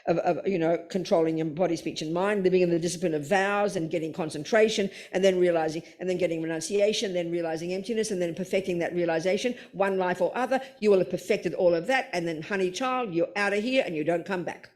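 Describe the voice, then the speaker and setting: A woman's voice: lowish voice, quick pace, hardly any pauses, a little mellow. An older woman, a Buddhist nun, giving a Dharma talk and answering questions in a blunt, playful way, calling people darling.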